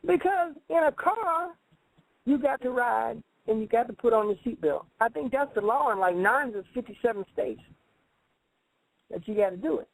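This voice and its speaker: Comic radio host, male: high and raspy, brags and rambles in broken grammar, dry studio sound. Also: lively intonation, moderate pace, dry recording, low-quality recording. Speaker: call-in show host. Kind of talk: comedic call-in radio monologue.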